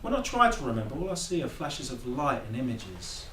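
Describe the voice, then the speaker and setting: A man's voice: medium pitch, very animated, brisk, sharp tone. A young man acting a reflective theatrical monologue in a wry storytelling way, recorded in a rehearsal room. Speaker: actor. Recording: echoey room, distant mic, noise.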